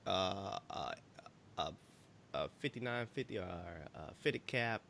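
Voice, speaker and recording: A man co-hosting a podcast, telling stories in a relaxed, rambling way full of fillers. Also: sits low, slow pace, vocal fry, a little hiss or hum. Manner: relaxed storytelling, lots of fillers. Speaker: podcast co-host. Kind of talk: casual chat.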